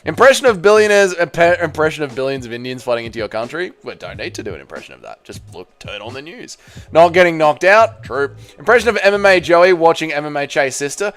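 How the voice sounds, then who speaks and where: A man's voice: on the high side, animated, quick pace, fairly bright tone. Bantering young male livestream host. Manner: bantering, answers chat, slangy with "mate" and "bro". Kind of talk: casual livestream chat.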